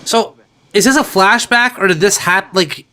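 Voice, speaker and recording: A man's voice: sits high, moderate pace, sharp tone. A man co-hosting a comedy show, riffing on a film, laughing often and putting on silly voices.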